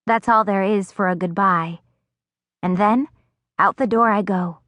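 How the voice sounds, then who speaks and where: A woman's voice: mid-range voice, unhurried, long pauses, no room sound. Woman narrating an audiobook, dry close mic. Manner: expressive, acting out dialogue. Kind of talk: scripted first-person narration. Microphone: close studio mic.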